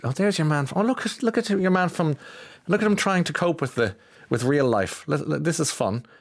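Gawking shop bystander, put on by an Irish man: high, teasing, gleeful. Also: animated, fairly quick.

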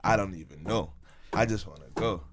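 A man's voice: low voice, moderate pace, crowd noise. A man, a musician coaching someone through writing a rap, laid-back and encouraging. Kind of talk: casual coaching.

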